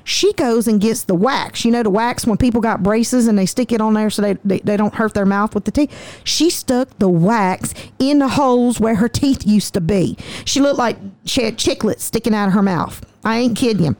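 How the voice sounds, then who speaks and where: A woman, telling stories in a lively, profane, folksy way as a guest. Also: a little high, normal speed, no room sound. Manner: animated, profane, folksy storyteller. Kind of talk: casual storytelling.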